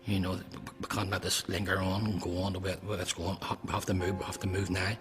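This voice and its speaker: A man recalling a farewell in a documentary interview, speaking haltingly and trailing off into quiet. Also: low voice, little pitch movement. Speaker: former prisoner interviewee. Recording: music bed under the voice.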